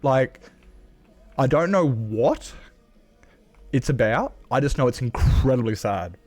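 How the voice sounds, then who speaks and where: A man's voice: medium pitch, expressive, slow pace, darkish tone, dry recording, faint music behind. Male game streamer, mid-range voice, dry close mic, rambling candid chat with casual swearing. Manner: rambling, chatty and candid, swears freely, many fillers. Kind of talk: casual live-stream chat while gaming.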